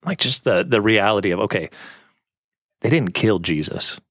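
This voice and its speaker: Low-voiced earnest male host. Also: animated, moderate pace, a bit bright, no room sound, clean studio sound. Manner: earnest, affirming, tells stories with acted quotes. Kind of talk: casual faith conversation.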